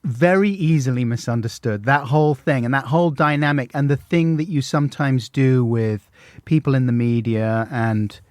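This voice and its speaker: A man's voice: medium pitch, normal speed, few pauses, darkish tone, dry recording, studio quality. A man hosting a podcast, chatting in a casual, enthusiastic way. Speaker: podcast host. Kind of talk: casual conversation.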